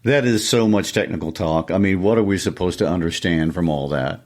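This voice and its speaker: A man co-hosting a literature podcast who asks plain-spoken questions in easy conversation. His voice is very deep. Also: fairly quick, a little mellow. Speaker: podcast co-host.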